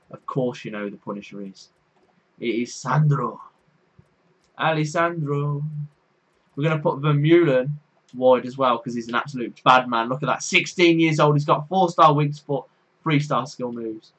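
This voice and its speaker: A young man with a Birmingham accent giving excitable, casual commentary on his football game, shouting and laughing when goals go in. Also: mid-range voice, moderate pace, husky, highs cut off. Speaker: gaming YouTuber.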